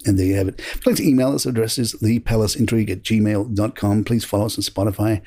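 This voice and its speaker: A man hosting a podcast, reading royal news headlines from a script in a measured, steady way. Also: on the low side, slightly rough. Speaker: podcast host.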